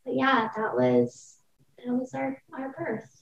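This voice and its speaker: A young woman with a slightly high voice tells a personal story on a casual podcast, candid and vivid, with plenty of fillers. The audio sounds roomy and a little muffled. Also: big pitch swings, slow, creaky. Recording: roomy, distant, dull-sounding mic.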